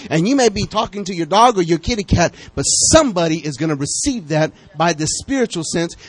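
A man preaching a sermon, talking straight to his congregation and bouncing between calm teaching and excited bursts. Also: no room sound, rough recording. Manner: lively, talks to the congregation directly; pitch jumps up high when excited.

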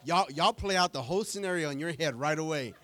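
A middle-aged man preaching a sermon in an everyday, plain-spoken way, his voice pitched a little high for a man. He stumbles over restarts now and then. Every so often he breaks into lively acted-out quotes. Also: fast talker. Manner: acts out quoted voices in animated bursts. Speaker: pastor.

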